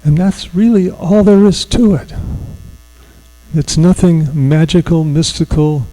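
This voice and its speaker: Slow, mellow-voiced man giving a reflective sermon. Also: a little high, rough recording. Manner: reflective, conversational, laughs easily. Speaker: spiritual speaker.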